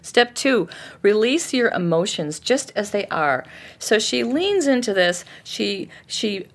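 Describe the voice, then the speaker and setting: A woman coach in casual conversation, retelling a client session and acting out the quotes with lively swings of voice. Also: slow. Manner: animated storytelling, acts out quotes with big pitch swings.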